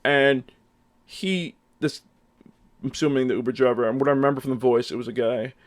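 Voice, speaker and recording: A young adult man telling a story in casual vlog style, his voice sitting at an ordinary middle pitch. He rambles, loading his sentences with fillers, and animatedly acts out what he said back then. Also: brisk. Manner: rambling, heavy use of fillers; animated, acts out his own past lines. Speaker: storyteller vlogger.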